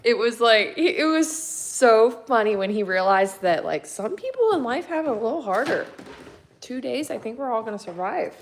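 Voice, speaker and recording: A woman's voice: a little high, big pitch swings, moderate pace, slight background noise. Chatty woman vlogging from her kitchen. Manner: chatty, rambling, laughs often. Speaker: vlogger and mother of three boys. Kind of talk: casual chat with viewers while doing chores. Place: home kitchen.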